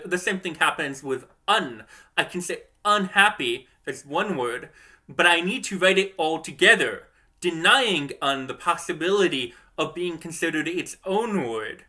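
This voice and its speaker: Bright-voiced man explaining language. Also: on the high side. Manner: thoughtful, asks the listener questions, says example phrases aloud slowly. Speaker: language educator. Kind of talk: explanatory video lesson.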